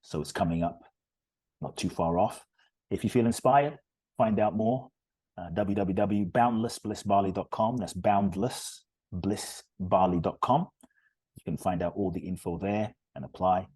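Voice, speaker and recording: A man's voice: low-pitched, moderate pace, dark tone, no room sound. A man, a podcast guest and retreat leader, telling stories in an earnest, emphatic and heartfelt way. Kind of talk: conversational storytelling interview.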